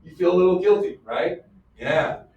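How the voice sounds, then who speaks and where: A man's voice: a little high, normal speed, creaky, highs cut off, slight background noise. A man teaching a history class, joking around and firing questions at his students. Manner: animated, joking, fires off questions. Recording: echoey classroom, mic far off.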